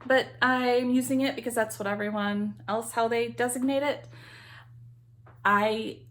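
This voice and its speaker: A woman's voice: fairly high pitch, fairly even intonation, moderate pace, a bit bright. A middle-aged woman chatting casually to camera about her cross stitch hobby, rambling with many ums and asides.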